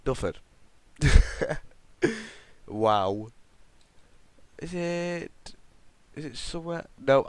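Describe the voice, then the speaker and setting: A man's voice: on the low side, no room sound. A man hosting a gaming video, rambling and joking to his viewers as he plays. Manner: rambling, jokey, chatting to viewers. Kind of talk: gameplay commentary.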